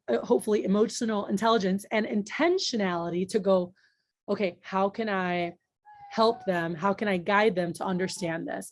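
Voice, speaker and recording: A woman's voice: mid-range voice, dry recording, studio quality. A woman giving a casual training talk on leadership, chatty and blunt, swearing freely and checking in with her listeners often. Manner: frequent filler words and rhetorical checks.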